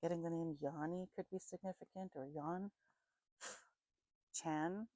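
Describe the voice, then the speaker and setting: Low-voiced woman giving a psychic reading. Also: fairly even intonation, unhurried, dark tone, no room sound, rough recording. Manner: musing, spells out names, trails off, self-corrects. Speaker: psychic reader. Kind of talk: intuitive reading monologue.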